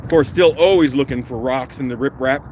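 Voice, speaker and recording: A man hosting a casual live stream outdoors on a rocky shoreline, chatting, greeting viewers by name and laughing easily, recorded on a phone held in one hand, his voice a little rough from the morning. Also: mid-range voice, brisk, noisy background. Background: faint outdoor waterside ambience.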